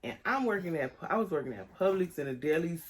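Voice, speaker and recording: A young woman, chatting casually on a vlog and acting out the people in her story with high, lively voices. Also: quick pace, a little hiss or hum. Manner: animated storytelling, acts out quotes in high voices. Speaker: vlogger.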